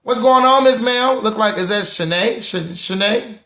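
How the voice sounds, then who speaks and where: A young man hosting a live talk room on money, lively and preachy, repeating lines for emphasis and greeting listeners by name. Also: high-pitched, moderate pace, reverberant. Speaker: host of a live social audio room on personal finance.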